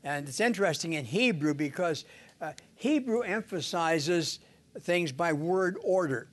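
An older man giving an informal sermon on scripture, halting, with many "uh"s, restarts and little chuckles. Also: a little high, expressive. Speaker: Bible teacher.

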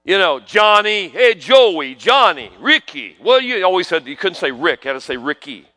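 A middle-aged man preaching a sermon, swinging from hushed asides to loud proclamations and asking the congregation questions. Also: high-pitched, animated, fairly quick. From New York. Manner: peppers talk with rhetorical questions to the congregation.

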